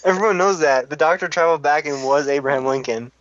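A man with a slightly high voice co-hosts a casual podcast. He reads listener comments and answers with quick, exasperated jokes. The recording sounds dull and lo-fi. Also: fairly bright tone. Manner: joking, exasperated, quick asides. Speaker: podcast co-host.

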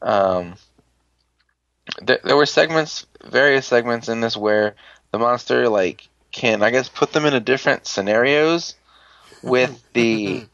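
A man's voice: a little slow, fairly bright tone, no room sound. A man casually recapping a show episode, rambling, swearing and acting out characters' lines. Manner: rambling, swears, acts out quotes in higher voices. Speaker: podcast host recapping an episode. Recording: dull lo-fi sound.

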